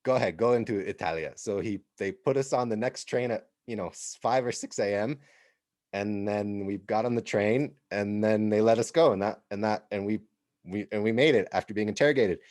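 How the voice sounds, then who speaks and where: A man's voice: lowish voice, moderate pace, a little mellow, dry recording, studio quality. A man from the United States, co-hosting a podcast and telling a rambling story in a casual way. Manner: rambling, with frequent restarts and laughs. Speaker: podcast co-host.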